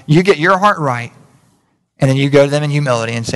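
A pastor with a mid-range, fairly bright male voice talks fast through a conversational sermon in a church sanctuary, the hall's long reverb trailing his words. He peppers it with rhetorical questions and keeps correcting himself.

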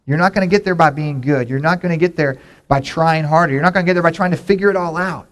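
Man, middle-aged, pastor, conversational sermon, folksy storytelling, slightly high voice. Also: fast.

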